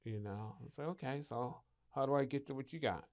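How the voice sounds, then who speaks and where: A middle-aged man, a podcast guest, telling his story in a lively way, acting out what others said to him. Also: medium pitch, brisk. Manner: animated, acts out quoted voices, laughs often. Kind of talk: storytelling interview.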